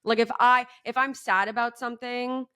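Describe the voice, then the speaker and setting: A woman's voice: fairly high pitch, fairly even intonation, moderate pace, pushed and bright, clean tone. A young woman co-hosting a podcast, chatting candidly and filling her talk with "like". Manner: candid, full of "like" fillers. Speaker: podcast co-host. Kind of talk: casual chat.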